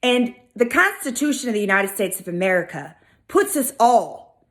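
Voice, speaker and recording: A woman with a Southern US accent hosting a video, telling a history story in a casual, animated, sassy way. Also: on the high side, moderate pace. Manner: animated, chatty, sassy asides. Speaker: video host.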